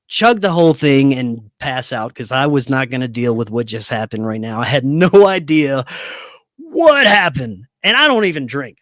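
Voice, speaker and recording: In a dry, clean studio recording, a man with a medium-pitched voice tells a personal story as a podcast guest. He's an animated storyteller, voicing the other characters and frequently laughing in this casual interview.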